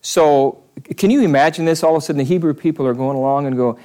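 A man, a pastor, leading an interactive Bible study, animated and questioning the room, shifting his pace. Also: on the high side, fast.

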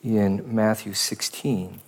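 Low-voiced man preaching a casual sermon. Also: steady tone, takes it slowly, darkish tone, slightly rough. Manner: conversational, rambling, self-deprecating asides. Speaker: pastor.

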